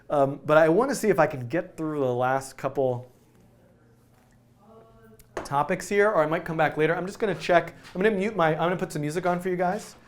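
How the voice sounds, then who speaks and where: A man teaching a live-streamed coding lesson, talking through his code as he types and joking at his own expense. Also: a little high. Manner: chatty, self-narrating while typing code; jokey, laughs at himself. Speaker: coding instructor.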